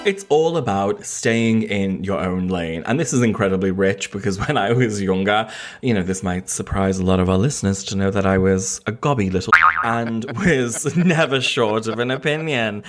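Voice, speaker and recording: A man's voice: fairly low pitch, normal speed, faint music behind. A man co-hosting a podcast in casual chat, giggly, playful and self-mocking. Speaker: podcast co-host.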